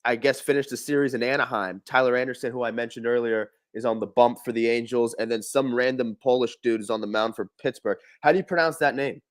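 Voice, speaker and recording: A man's voice: medium pitch, steady tone, fast, hardly any pauses. A man co-hosting a casual morning baseball show, talking loosely and swearing as he makes his picks. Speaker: co-host. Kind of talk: casual sports talk.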